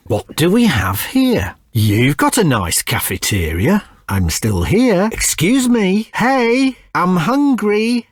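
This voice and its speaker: A man voicing an elderly customer in a video game, grumbling about the wait and then pleased with his food, with a husky voice. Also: mid-range voice, no room sound, studio quality, heavily acted. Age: older. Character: impatient elderly male diner customer. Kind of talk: game voice clips.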